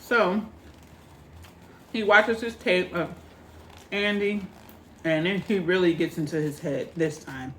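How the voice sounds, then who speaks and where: A woman reviewing a movie in a casual, animated retelling, chatting straight to her viewers. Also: fairly low pitch, slow, long pauses, slight background noise. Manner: animated retelling, acting out characters' lines; chatty, addresses viewers directly. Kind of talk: casual spoken movie recap.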